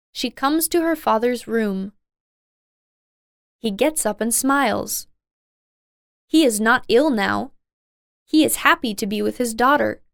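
A woman narrating a simple storybook in a slow, plain, even way. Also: on the high side, creaky, no room sound, studio quality. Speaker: reader.

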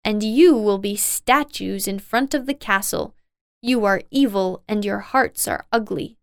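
A woman's voice: mid-range voice, a little slow, creaky, dry recording, studio quality. A woman voicing a solemn fairy lady. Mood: stern. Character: wise fairy lady, stern and commanding. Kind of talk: storybook read-aloud.

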